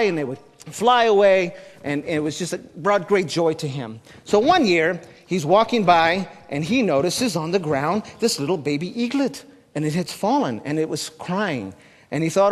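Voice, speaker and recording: A man telling a traditional story live on stage, animated and teasing the audience with asides. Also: high-pitched. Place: stage at a cultural gathering. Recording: long hall reverb.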